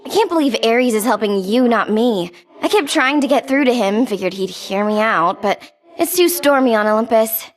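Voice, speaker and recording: A woman's voice: fairly high pitch, animated, moderate pace, faint music behind, lightly acted. A woman voicing a young, bratty goddess of strife in a video game, mocking and flippant, with a sarcastic drawl. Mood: taunting. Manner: mocking, flippant, calls the hero babe. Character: Eris, wild goddess of strife, taunting and gleeful. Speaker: game character.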